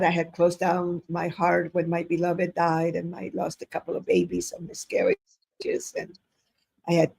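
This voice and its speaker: Older woman guest with a gravelly, husky voice who tells animated stories and acts out dialogue. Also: on the low side. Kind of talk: casual storytelling interview.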